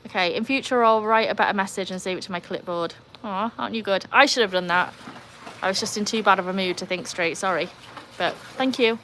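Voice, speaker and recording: An Englishwoman with an English accent hosts a relaxed live stream from beside a backyard pool, chatting with viewers as they join. Her voice sits at an ordinary mid pitch and leaps up brightly whenever she greets someone. A faint hum of outdoor ambience sits behind her. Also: a little fast. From England. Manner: chatty, jumps to high excited greetings. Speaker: livestream host reading chat. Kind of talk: casual live chat.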